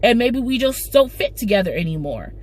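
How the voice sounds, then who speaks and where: A woman's voice: fairly high pitch, sing-song, fairly quick. A woman doing a cool, defensive young woman.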